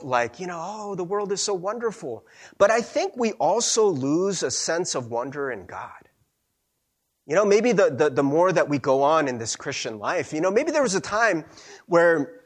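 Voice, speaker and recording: A young man preaching a sermon as a pastor, telling stories in a chatty, animated way with frequent laughs and a husky voice. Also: a little high.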